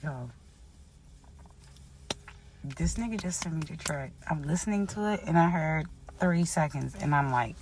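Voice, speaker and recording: A woman telling a storytime vlog about her music career, swinging from loud exclamations to quiet near-tearful murmuring. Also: low-pitched, a little slow, pauses often. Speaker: singer-songwriter.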